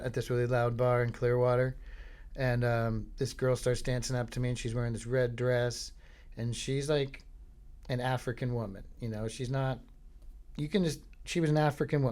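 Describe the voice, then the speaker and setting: A man from Florida hosting a podcast, telling meandering comic stories in a deadpan, filler-heavy way. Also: mid-range voice. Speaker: podcast host. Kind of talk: rambling comic monologue.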